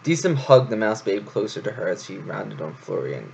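A man's voice: fairly low pitch, lively intonation, moderate pace, gravelly, darkish tone, a little hiss or hum. A man casually reading a novel aloud and chatting about it with rambling asides, in a dull lo-fi home recording. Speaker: reader of a novel. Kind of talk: casual read-aloud storytelling.

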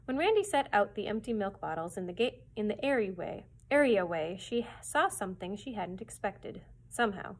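A woman librarian reading a chapter book aloud for children, in a steady storytelling voice. Her tone is slightly husky and her pitch is middling. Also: brisk, few pauses, poor audio.

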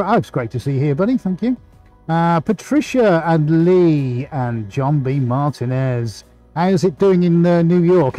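A man's voice: on the high side, dark tone. A man hosting a painting live stream, chatting casually and reading out greetings to viewers. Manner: chatty, reads out viewer greetings with small restarts.

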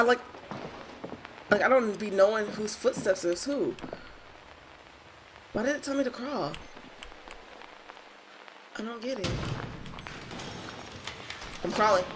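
A woman's voice: a little high, normal speed, pauses often, a little hiss or hum. Jumpy, foul-mouthed woman gamer. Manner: chatty, swears a lot, talks to viewers; jumpy, shrieks when startled. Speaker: gaming streamer. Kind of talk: horror game let's play commentary.

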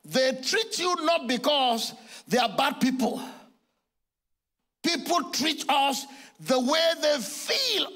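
Animated older Nigerian pastor preaching. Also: male voice, very high-pitched. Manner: animated storytelling, acting out dialogue, often shouting. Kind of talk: sermon. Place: church.

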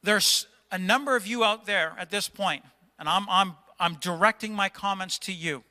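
A man's voice: sits high, moderate pace, bright, forceful tone. A man preaching a stern, exhorting sermon as pastor of a church, at times raising his voice in rebuke. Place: church sanctuary. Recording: long hall reverb.

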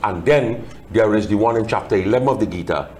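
A man's voice: fairly low pitch, fast, a little mellow, a little hiss or hum. A man, a Hindu pandit explaining scripture in a religious discussion, chanting Sanskrit verses and translating them line by line.

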